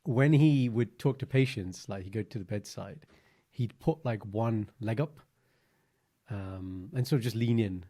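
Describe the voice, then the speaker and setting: A man, co-hosting a podcast in a chatty, animated storytelling way with lots of fillers. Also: lowish voice, unhurried. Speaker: podcast co-host. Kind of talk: casual chat.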